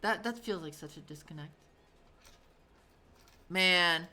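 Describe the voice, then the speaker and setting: A woman's voice: lowish voice, slow, bright, forceful tone. A woman in her thirties streaming from home, telling stories in a chatty, rambling way, full of fillers and casual swearing. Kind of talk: casual storytelling on a live stream.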